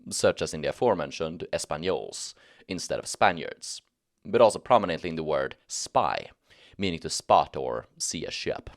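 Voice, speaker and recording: Male narrator, Scandinavian accent, extremely low voice, measured explanatory read over faint guitar music. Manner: measured and explanatory, slows down to pronounce example words. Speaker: history video narrator. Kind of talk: scripted documentary narration.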